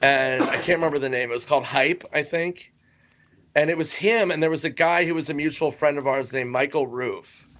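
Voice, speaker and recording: A man with a voice a touch higher than most tells a long, meandering anecdote as a podcast guest. He cuts himself off and doubles back often and keeps the tone offhand and conversational. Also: fairly quick, a bit bright. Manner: rambling, self-interrupting anecdotes. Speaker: guest comedian. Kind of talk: casual podcast storytelling.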